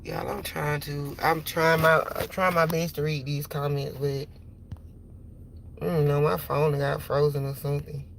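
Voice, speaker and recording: A woman venting on a phone live stream from her parked car, rambling and repeating herself, with sudden loud outbursts. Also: low-pitched, little pitch movement, a little slow, creaky, a little hiss or hum. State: upset after losing her job. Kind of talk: casual venting monologue. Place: parked car in a parking lot.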